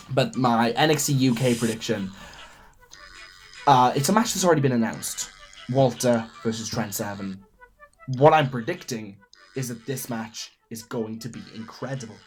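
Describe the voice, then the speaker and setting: Excitable young man. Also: fairly low pitch. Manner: excitable fan, gushing and restarting. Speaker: podcast host. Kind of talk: solo wrestling podcast rundown.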